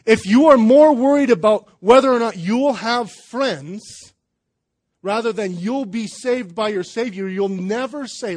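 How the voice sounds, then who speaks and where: High-voiced male pastor, chatty sermon. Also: unhurried, darkish tone. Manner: conversational, joking, with fillers and restarts. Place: church service.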